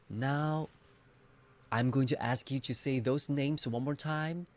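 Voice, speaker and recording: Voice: mid-range voice, sing-song, unhurried, darkish tone, dry recording. A Mandarin teacher giving an online beginner lesson, playfully demonstrating sounds and asking learners to repeat after them.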